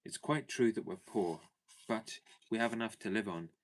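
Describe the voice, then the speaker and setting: A man voicing a gentle but firm mother speaking to her children in a storybook reading. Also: on the low side, moderate pace, pitched above the performer's own voice, close to an everyday voice. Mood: firm, tender. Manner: earnest, tender and firm.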